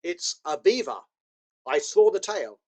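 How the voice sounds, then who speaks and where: A man reading an audiobook, voicing a steady, decisive older boy. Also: high voice, measured pace, exaggerated voice. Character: eldest brother Peter, steady and decisive. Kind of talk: audiobook character voice.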